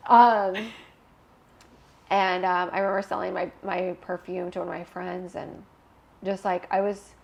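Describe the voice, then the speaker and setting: Woman telling her story, animated. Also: on the low side, moderate pace, gravelly, dull audio. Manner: animated, laughs often, emotional retelling. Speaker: interview guest. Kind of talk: candid storytelling interview.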